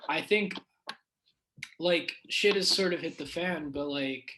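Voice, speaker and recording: A man's voice: a little high, slow, pushed and bright, rough recording. A young man from the United States, chatting as a podcast guest, full of fillers like "like" and swearing casually.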